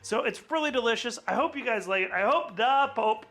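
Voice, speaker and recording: A man's voice: extremely high pitch, animated, a little fast, fairly bright tone. A man hosting a casual cocktail-making vlog, chatty and laughing often with rambling asides, a little hungover. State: slightly hungover. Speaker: cocktail channel host.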